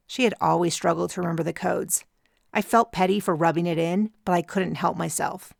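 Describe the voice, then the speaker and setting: A woman narrating a first-person audiobook in a measured storytelling manner on a close mic. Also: fairly low pitch, steady tone, gravelly, dry recording.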